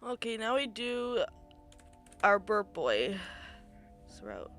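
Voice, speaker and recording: Woman streamer reading a game aloud, very lively pitch, expressive, faint music behind. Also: slow. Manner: expressive, bursting into loud reactions. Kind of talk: reading a visual novel aloud with reactions.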